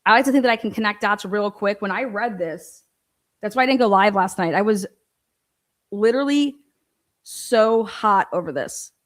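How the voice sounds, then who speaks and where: A woman's voice: medium pitch, normal speed. A woman host giving heated, profane commentary on a court ruling, exasperated and ranting in outbursts of disbelief. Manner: animated, rising into outbursts of disbelief. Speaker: show host and legal commentator.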